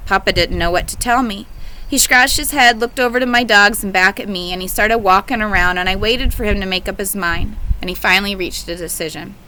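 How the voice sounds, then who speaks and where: A woman reading a novel aloud with expressive storytelling. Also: mid-range voice, a little fast, low-quality recording. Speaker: audiobook reader.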